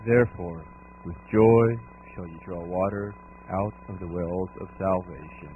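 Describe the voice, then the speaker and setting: A man's voice: low voice, fairly even intonation, unhurried, a little hiss or hum. A man in a congregation solemnly reading a scripture verse aloud. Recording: dull lo-fi recording.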